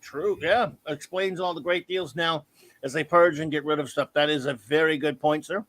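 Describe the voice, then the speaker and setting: Excitable, rambling man hosting a chat. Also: on the high side, moderate pace, dry recording. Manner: rambling, self-correcting, excitable. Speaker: podcast host. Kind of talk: casual live-stream chat.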